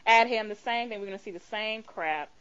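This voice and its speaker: A woman's voice: medium pitch, fairly quick, a loud crowd. A woman co-hosting a casual fan podcast, speaking bluntly and swearing freely. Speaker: podcast co-host. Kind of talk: casual chat. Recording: dull lo-fi recording.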